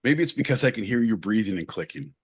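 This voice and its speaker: A man from Southern California co-hosting a podcast with rowdy, jokey banter, switching between showman bursts and low mutters. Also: animated, fast talker, breathy edge. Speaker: podcast co-host.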